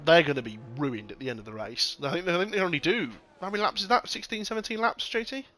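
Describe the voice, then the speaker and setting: A man giving casual, excitable sim racing commentary with lots of banter and swearing. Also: sits high, quick pace. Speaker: race commentator.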